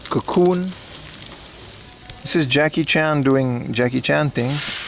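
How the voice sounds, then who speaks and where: A man's voice: medium pitch, measured pace, creaky, noisy background. A man streaming live while browsing a secondhand electronics shop indoors, rambling and cracking jokes to his chat on a mobile rig. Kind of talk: casual IRL livestream commentary.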